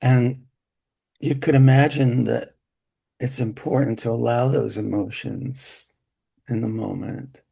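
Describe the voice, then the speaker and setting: A middle-aged man with a gentle, hesitant, gravelly voice, leading a therapy session demonstration with many restarts. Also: mid-range voice. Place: symposium hall, hybrid session.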